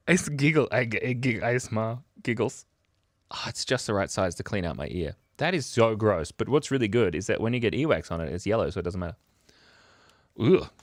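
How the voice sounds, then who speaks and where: A man's voice: medium pitch, no room sound, clean studio sound. Goofy rambling man on a livestream. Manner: rambling, goofy, joking with chat. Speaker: livestream art host. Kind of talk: casual livestream chat.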